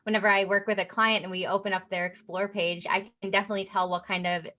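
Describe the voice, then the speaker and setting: Woman guest explaining stuff calmly, mid voice, lots of ums and likes. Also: mid-range voice, fast. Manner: steady, explanatory, frequent fillers. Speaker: guest, personal brand specialist. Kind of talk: explanatory interview answers.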